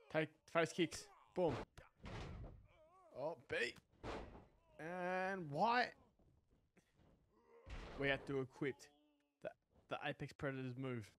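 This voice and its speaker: A man commentates his own video game match in excitable bursts and swears freely when it goes wrong. His voice sits fairly high, and a faint hiss runs underneath. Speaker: gaming channel host. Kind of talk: live gameplay commentary.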